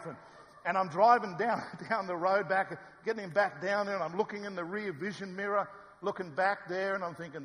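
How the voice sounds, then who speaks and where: An older man telling a personal story to an audience, lively and self-mocking, acting out what he said back then. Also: high voice, fairly quick. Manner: lively, self-mocking, acts out his own past lines. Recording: reverberant hall.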